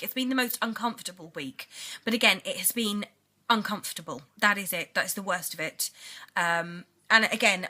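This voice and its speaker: British woman, young, bright tone, chatty, giggly, rambling vlog. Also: mid-range voice. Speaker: vlogger. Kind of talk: casual video diary.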